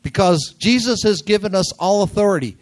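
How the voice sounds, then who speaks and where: A man's voice: high voice, lively intonation, fairly quick. An older man with a nasal voice preaching a sermon in a church, talking casually with jokes and repeating key words for emphasis. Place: church sanctuary.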